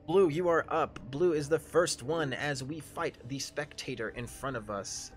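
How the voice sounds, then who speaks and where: A man running a live-streamed tabletop game as game master, often pausing with fillers and apologizing. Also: on the high side, faint music behind. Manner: hesitant, many fillers, apologetic.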